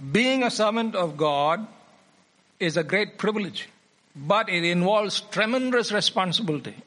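A man preaching a sermon in a fairly high voice, reading Bible passages and then driving points home by saying them twice. His tone is bright and forceful, with an emphatic, teacherly delivery. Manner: emphatic, repeats key phrases.

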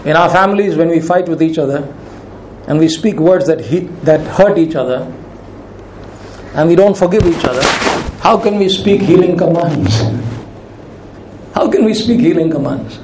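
A man with a high voice preaches a sermon in a church sanctuary, leaning hard on each quoted command and stretching it out. The room rings with echo, and a faint hiss sits under his voice. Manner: emphatic preaching, slows and rises on commands. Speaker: pastor.

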